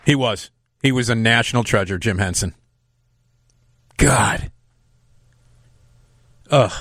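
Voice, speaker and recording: A man's voice: medium pitch, slow, pauses often, a bit bright, dry recording. A man hosting a radio talk show in casual chat, effusive and sentimental. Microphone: studio microphone.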